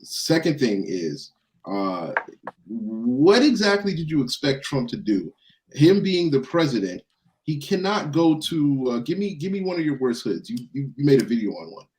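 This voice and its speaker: A man co-hosting a podcast, arguing his points deliberately and cutting in. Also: mid-range voice, very animated, a little mellow, poor audio. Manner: interrupting, argumentative, deliberate. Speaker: podcast co-host. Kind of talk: casual podcast debate.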